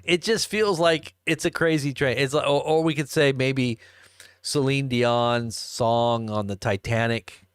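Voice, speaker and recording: A man's voice: medium pitch, a little slow, clean tone, no room sound, studio quality. A man hosting a live stream, rambling in a casual, joking way and chuckling as he answers chat. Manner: rambling, chuckling, jokey asides.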